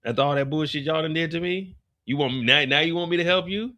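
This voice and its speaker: A man's voice: a little high, quick pace, pushed and bright, no echo, lo-fi sound. A man doing a swaggering, taunting street hustler. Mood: cocky. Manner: swaggering, taunting, laughing at her. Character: cocky, boastful, flirtatious male street hustler.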